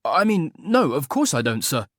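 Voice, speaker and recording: Man voicing young secretary, flustered, hurried, raised pitch, close dry sound. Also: big pitch swings, no echo. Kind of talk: audiobook character reading.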